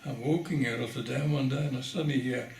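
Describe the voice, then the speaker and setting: Gravelly older man recounting his story. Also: mid-range voice, fast talker, darkish tone, reverberant, slight background noise. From Netherlands. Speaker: interviewee. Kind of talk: oral history testimony.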